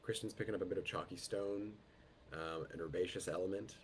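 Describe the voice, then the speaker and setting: Male tasting host on a video call, low and throaty from a head cold, slow and descriptive, faint background noise. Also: fairly even intonation. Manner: unhurried, descriptive, greets guests by name. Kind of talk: live online wine tasting.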